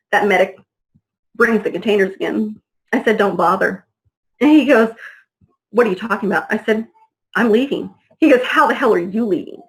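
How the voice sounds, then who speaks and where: A woman's voice: medium pitch, rough recording. A woman who is a mother, an interview guest telling a personal story with feeling and acting out the dialogue in it. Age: adult mother. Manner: vivid, acts out dialogue in her retelling.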